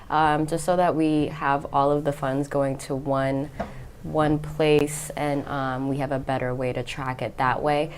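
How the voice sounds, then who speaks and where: A woman's voice: sits low, a little mellow, a little hiss or hum. A woman co-hosting a livestream charity auction, chatty and upbeat with frequent "um"s. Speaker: fundraiser co-host.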